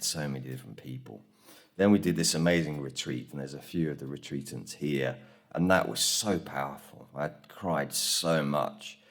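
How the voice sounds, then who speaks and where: A man from England telling the story of making his documentary in a conference talk, acting out the people he quotes. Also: deep voice. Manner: animated storytelling, acts out quoted voices. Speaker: conference speaker. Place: conference room.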